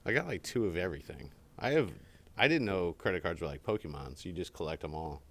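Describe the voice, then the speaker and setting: His low-pitched voice is expressive and fast. He's a podcast co-host in casual conversation, telling a long, meandering story and imitating the people in it.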